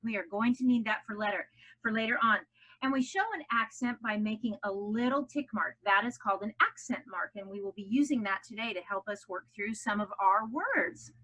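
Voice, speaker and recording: A woman with a mid-range, brisk voice and a sharp tone teaches English learners in a recorded children's lesson, poorly captured on a low-quality recording. She's encouraging, stretches her stressed vowels with care, and sounds out of breath after doing jumping jacks.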